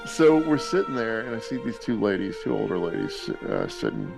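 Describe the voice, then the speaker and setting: A man casually telling lively anecdotes on a podcast, laughing often. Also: fairly low pitch, moderate pace, gravelly, over loud music. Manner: animated storyteller, laughs often. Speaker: podcast guest dad. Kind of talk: casual storytelling.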